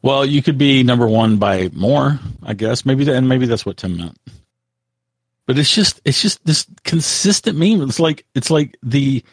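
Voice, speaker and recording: A man co-hosting a casual tech podcast, talking in a halting way with frequent restarts. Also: medium pitch, animated, breathy edge, dry recording. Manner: halting, full of restarts, reads out quotes. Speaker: podcast co-host.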